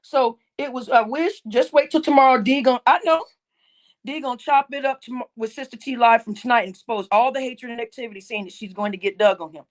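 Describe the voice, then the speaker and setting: Indignant high-voiced woman livestream host. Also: a little fast. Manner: indignant, scolding, repeats herself. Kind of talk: heated livestream rant.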